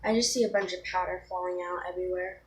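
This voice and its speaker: A woman's voice: lowish voice, fairly even intonation, quick pace, a little hiss or hum. A teenage girl chatting casually through a makeup tutorial, rambling with ums and restarts. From Florida. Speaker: beauty vlogger.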